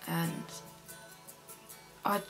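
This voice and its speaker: Young woman recalling quietly. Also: very slow, soft background music. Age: young adult. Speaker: filmmaker recalling her mother's illness. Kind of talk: personal documentary interview.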